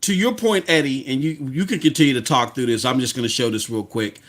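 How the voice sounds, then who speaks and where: A man co-hosting a casual gaming podcast, playful and quick to laugh as he asks questions and shows things on stream. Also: medium pitch. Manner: playful, laughs often, animated. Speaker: podcast co-host.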